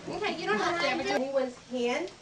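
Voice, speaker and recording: A woman's voice: high-pitched, animated, fast talker. A woman etiquette instructor teaching a group of children, upbeat and teacherly, acting out greetings and handshakes. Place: library program room. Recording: echoey room, distant mic, background noise.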